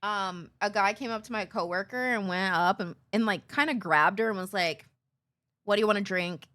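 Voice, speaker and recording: A woman streamer telling stories in casual chat, animated and swearing freely. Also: medium pitch, normal speed.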